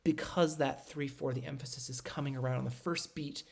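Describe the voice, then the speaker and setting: Instructor talking through notation on video, relaxed and halting, with a fry in the voice. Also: medium pitch, a little hiss or hum. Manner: casual and patient, many ums and self-corrections. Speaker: music instructor. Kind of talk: recorded lecture, talking while drawing notation.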